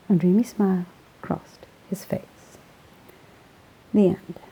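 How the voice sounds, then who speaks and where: A woman's voice: medium pitch, little pitch movement, takes it slowly, long pauses, slightly rough, dull audio. A woman reading a fan story aloud as a modest amateur reader. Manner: modest, apologetic.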